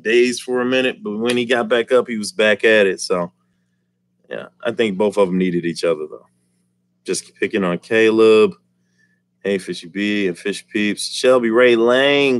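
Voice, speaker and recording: A man's voice: mid-range voice, no room sound. A man hosting a casual live stream, joking and teasing the chat and laughing often. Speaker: livestream host.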